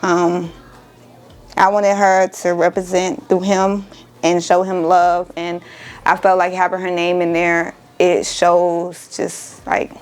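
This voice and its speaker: A woman's voice: lowish voice, completely flat delivery, slow pace, darkish tone, clean tone, poor audio. A young woman from Miami, a crafting vlogger, chatting casually and emotionally to her viewers, exclaiming often and calling them y'all.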